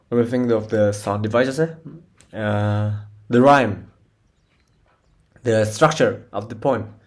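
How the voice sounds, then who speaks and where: A man, a non-native English speaker, presenting a poem analysis for class, halting often with fillers and restarts. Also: fairly low pitch. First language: Indonesian. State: short of breath.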